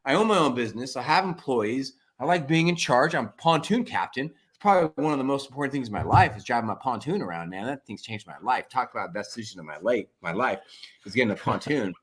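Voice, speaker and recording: A man's voice: mid-range voice, quick pace, slightly rough. A man in his forties, a family coach, telling rambling stories in a casual interview and leaning on "like" a lot. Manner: rambling, animated, heavy use of "like" and "freaking". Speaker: family coach, podcast guest.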